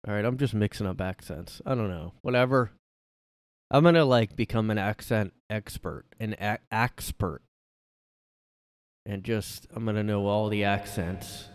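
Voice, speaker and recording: Low, smooth-voiced man rambling. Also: normal speed, no room sound, studio quality. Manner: rambling, irreverent, repeats phrases. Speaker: podcast host. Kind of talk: casual solo podcast. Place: his room.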